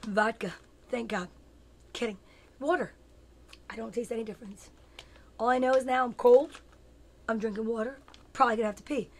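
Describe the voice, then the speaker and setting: A woman's voice: on the high side, fairly even intonation, quick pace, long pauses, darkish tone, slight background noise. A woman in her fifties, a comedian hosting her own show, chatting casually with viewers by name in a rambling, playful, self-mocking way. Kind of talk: casual comic live chat with viewers.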